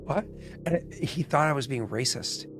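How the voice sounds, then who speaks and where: A man's voice: mid-range voice, moderate pace. A man with a New England accent chats loosely on a live tabletop stream. He swears freely and acts out the people he quotes. A faint hiss sits under his voice. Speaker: game master and stream host. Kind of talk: casual chat on a live stream.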